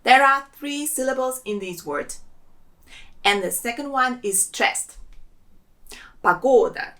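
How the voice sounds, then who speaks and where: Bright-voiced Russian woman teaching pronunciation. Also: sits high. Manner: slow, careful syllable-by-syllable pronunciation drills. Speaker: language teacher. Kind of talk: online language lesson.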